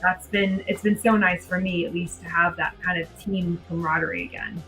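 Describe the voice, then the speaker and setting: A woman's voice: on the low side, steady tone, a little fast, pushed and bright, soft background music, rough recording. A woman in her thirties, a guest on a sports podcast, chatting casually and laughing often. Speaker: podcast guest, American football coach. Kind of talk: casual chat.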